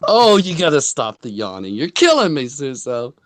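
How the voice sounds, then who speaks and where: A man's voice: medium pitch, big pitch swings, normal speed, dry recording. A man co-hosting a casual online talk show, teasing and joking with his guest. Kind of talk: casual chat. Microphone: webcam microphone, off camera.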